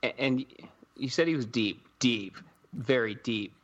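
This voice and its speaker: A man's voice: mid-range voice, a little slow, a bit bright. A man co-hosting a casual podcast, asking questions and making quips. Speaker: podcast co-host. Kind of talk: casual chat.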